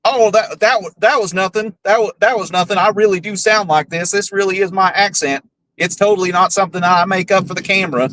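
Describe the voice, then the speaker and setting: A man's voice: high voice, a little fast, fairly bright tone, pitched above the performer's own voice. A man doing a mocking impression of a man with a fake put-on Texan drawl who backpedals sheepishly.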